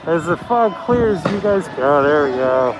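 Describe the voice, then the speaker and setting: Speaking with lively intonation at a moderate pace, a Pacific Northwest man live-streams an outdoor street protest on a handheld phone camera. His chatter rambles and frequently dips to a low voice, surrounded by a loud crowd.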